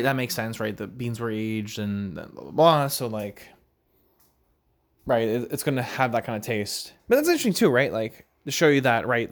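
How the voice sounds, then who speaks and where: A man hosting a casual solo podcast chat, rambling loosely with lots of "like" and "right?" and the odd easy laugh. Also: medium pitch. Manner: rambling, filler-heavy, frequent "like" and "right?"; relaxed, laughs now and then. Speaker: podcast host.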